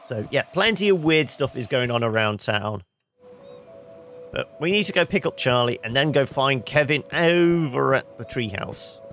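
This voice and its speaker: A man's voice: mid-range voice, expressive, moderate pace, fairly bright tone, soft background music. A man giving rambling, wry commentary while playing a video game, often correcting himself mid-sentence. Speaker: gameplay video host. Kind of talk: let's play commentary.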